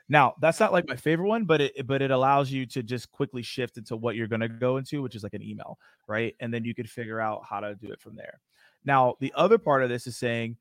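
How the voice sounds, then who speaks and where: A man on a panel, talking in a relaxed, conversational way and explaining step by step. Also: mid-range voice, fast, dry recording, clean studio sound. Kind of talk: casual panel discussion.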